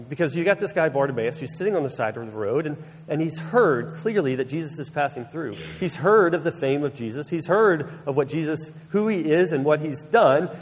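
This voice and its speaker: A man's voice: on the high side, animated, moderate pace, slight background noise. A man preaching a sermon, retelling a Bible story earnestly and acting out its scenes. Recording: long reverb of a large hall.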